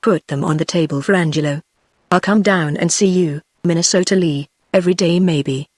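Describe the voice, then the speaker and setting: A text-to-speech voice reading the lines of a cajoling, domineering gangster boss, in the same even machine delivery. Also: mid-range voice, normal speed, no room sound, clean studio sound, lightly acted. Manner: same even synthetic read as narration.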